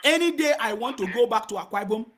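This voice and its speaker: A man's voice: extremely high pitch, lively intonation, fast talker, fairly bright tone. A Nigerian man in a heated argument, lecturing insistently and repeating himself. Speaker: debater in a live online chat.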